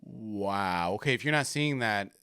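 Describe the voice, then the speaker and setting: Male podcast host, loose and profane, lively intonation, dry close sound. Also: lowish voice, unhurried, clean tone, no echo. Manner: laid-back, swears freely, laughs often. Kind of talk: casual chat reacting to viral videos.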